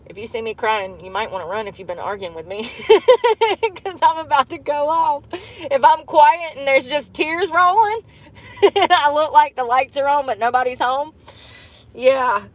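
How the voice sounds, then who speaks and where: A woman's voice: high voice, lively intonation, normal speed. Chatty woman in a parked car. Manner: rambling, candid, laughs often. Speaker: livestreamer. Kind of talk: casual livestream chat. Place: parked car in a parking lot.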